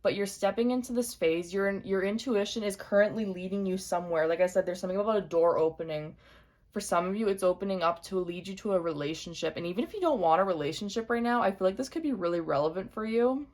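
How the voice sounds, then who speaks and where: A young woman giving an intuitive tarot reading to camera, speaking gently and repeating her points straight to the viewer. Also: mid-range voice, fast talker. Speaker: tarot reader.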